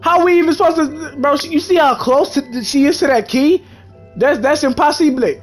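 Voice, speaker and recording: At a moderate pace and with an extremely high pitch, a young gaming YouTuber delivers comedic let's-play commentary. He talks to the game's characters in a mock-dramatic way as game music runs beneath.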